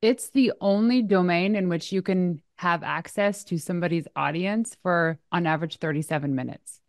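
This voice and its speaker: A woman from Canada, a PR expert, talking as a guest on a podcast in an energetic, casual way. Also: fairly low pitch, normal speed, no echo, clean studio sound. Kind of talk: casual interview chat.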